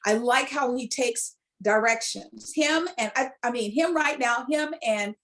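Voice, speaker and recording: A woman co-hosts a casual talk show and tells a story with a lot of feeling. Her voice sits a little high, and she jumps into the quotes she acts out. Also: measured pace, a bit bright. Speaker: co-host. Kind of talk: casual chat.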